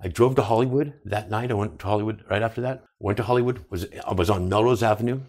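Fast-talking, swearing man telling stories. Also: on the low side. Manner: animated, swears often, acts out quotes. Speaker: podcast guest. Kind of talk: casual storytelling interview.

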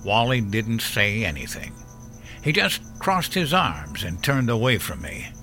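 A man playing a gruff, profane old veteran. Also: on the low side, very animated, a little slow, pushed and bright, faint music behind, full character voice. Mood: grim recollection. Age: older. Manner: profane, blunt storytelling. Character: gruff older man, war veteran father. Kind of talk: audio drama storytelling.

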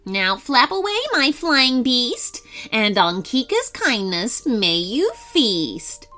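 A woman voicing a wicked female witch who chants her spells in slow, gloating, sing-song rhymes. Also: fairly high pitch, sing-song, bright, forceful tone, soft background music, full character voice. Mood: triumphant.

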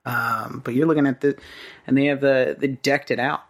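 A man's voice: medium pitch, fairly even intonation, moderate pace. A man co-hosting a casual comedy podcast, laid-back, riffing along and laughing. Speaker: podcast co-host.

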